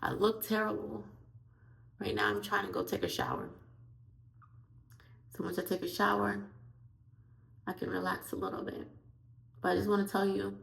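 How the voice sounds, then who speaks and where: A woman talking to her viewers in a casual video diary, winded and out of breath, with weary, halting speech that often drops toward a whisper. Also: medium pitch, lively intonation, gravelly. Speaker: vlogger.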